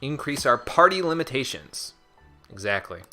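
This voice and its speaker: A man's voice: mid-range voice, big pitch swings, moderate pace, bright, forceful tone. A man casually commentating as he plays a game, joking sarcastically at the characters. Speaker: streamer playing a game. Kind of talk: casual let's-play commentary. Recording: voice over game music.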